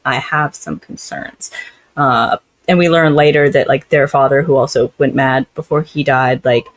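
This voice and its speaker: A woman's voice: extremely low pitch, steady tone, moderate pace, dry recording, poor audio. A woman co-hosting a podcast, rambling casually through a plot summary with lots of filler words. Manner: rambling, heavy use of 'like', acts out scenes in voices. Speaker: podcast co-host. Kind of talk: casual book-roast chat.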